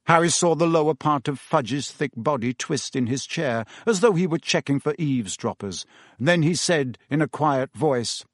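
A male audiobook narrator with a lively, shifting delivery and a slightly higher voice. Recorded close and dry. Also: moderate pace, dry recording. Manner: expressive, voices characters.

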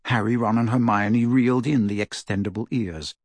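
A man with a lowish voice narrates an audiobook at normal speed, telling the story expressively. No room sound is heard.

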